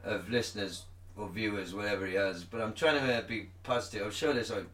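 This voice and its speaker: A man's voice: lowish voice, quick pace, fairly bright tone, roomy sound, recorded from a distance. A man co-hosting a podcast in casual chat, rambling and sweary, often trailing off mid-thought. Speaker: podcast co-host.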